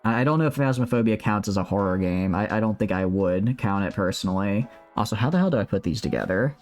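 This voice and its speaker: A man's voice: fairly low pitch, expressive, quick pace, soft background music. A man streaming live from home, chatting casually and reacting to his chat while he builds a model kit.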